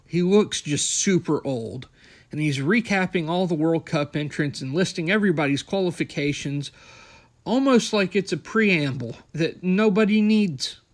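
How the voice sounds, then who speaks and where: A young man hosting a podcast, recapping wrestling in a blunt, sarcastic, profane way. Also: a little high. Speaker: podcast host.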